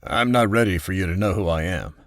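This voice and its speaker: A man doing a low, soft-spoken mysterious stranger. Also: no echo, studio quality. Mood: reminiscent. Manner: unhurried, faintly amused. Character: stranger, older man, calm and enigmatic.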